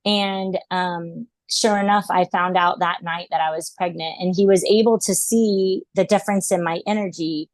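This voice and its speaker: Low-voiced woman telling a reflective story. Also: fairly even intonation, normal speed, few pauses, dry recording. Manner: earnest, reflective, many fillers like "um" and "like". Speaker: podcast guest, animal intuitive. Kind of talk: casual storytelling interview.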